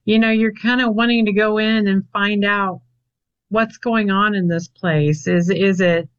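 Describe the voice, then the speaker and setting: A woman's voice: mid-range voice, steady tone, a little slow, clean tone, no room sound, highs cut off. A woman answering interview questions, telling stories in a chatty, easygoing way and laughing easily. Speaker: paranormal investigator guest.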